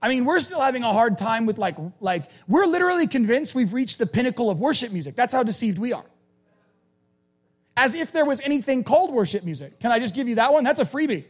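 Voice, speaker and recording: A male preacher giving a conversational, animated sermon and acting out quoted lines. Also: very high voice, fast.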